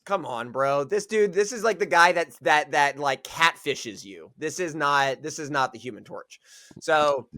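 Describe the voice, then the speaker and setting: A man's voice: on the high side, lively intonation, a little slow, bright, forceful tone, no echo, clean studio sound. A man in a casual podcast chat, blunt and exasperated, swearing as he complains.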